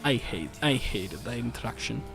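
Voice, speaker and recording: A man streaming a game, telling a story in a casual, animated rant with swearing and frequent restarts. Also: mid-range voice, normal speed, creaky. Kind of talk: casual chat while gaming. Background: faint game music.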